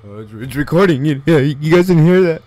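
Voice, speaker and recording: A man's voice: a little high, expressive, a little fast, a little mellow, dry recording. A young man giving casual gameplay commentary, joking around and trash-talking with plenty of swearing. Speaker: gamer.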